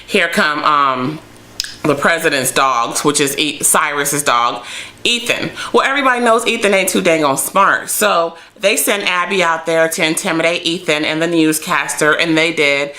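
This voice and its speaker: A woman's voice: low voice, moderate pace, pushed and bright. A young woman reviewing a TV episode in a chatty, playful vlog, acting out bits of dialogue. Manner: chatty, playful, acts out characters' lines. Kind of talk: casual recap vlog.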